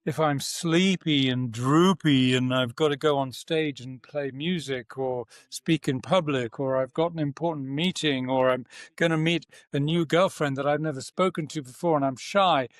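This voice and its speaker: Instructive man with a higher voice. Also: no room sound. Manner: instructive, poses rhetorical questions, repeats key phrases. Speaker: breathwork teacher and author, podcast guest. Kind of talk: podcast interview, explaining at length.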